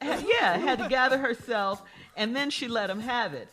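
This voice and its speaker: A woman co-hosting morning radio, recapping a listener's letter and prompting the others for their take. Her voice is bright and clear, she laughs readily, and soft music runs behind her. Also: on the high side, normal speed. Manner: laughs often, prompts co-hosts.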